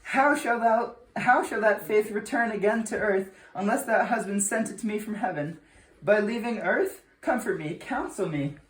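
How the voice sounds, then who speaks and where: A woman's voice: medium pitch, normal speed, lightly acted. A woman playing a desperate, defiant young noble daughter in an amateur Shakespeare reading, earnest and pleading. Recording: roomy echo.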